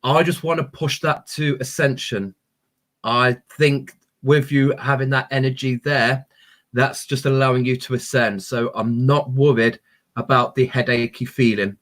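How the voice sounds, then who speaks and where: Brief: man, crystal-healing livestream host, gentle and encouraging, mid pitch. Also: fairly even intonation, measured pace. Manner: gentle, encouraging, spiritual talk with many ums. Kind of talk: live-stream chat reading viewer comments.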